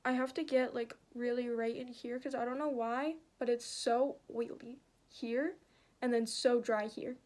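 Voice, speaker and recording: A young woman chatting casually while doing her makeup, telling a story with lots of swearing and animated retelling. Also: a little high, a little slow.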